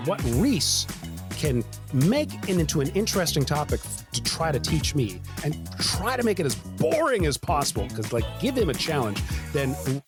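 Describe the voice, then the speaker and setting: A man's voice: fairly high pitch, very animated, moderate pace, music in the background. A man from Canada co-hosting a podcast, joking around in casual chat and swearing freely. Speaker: podcast co-host.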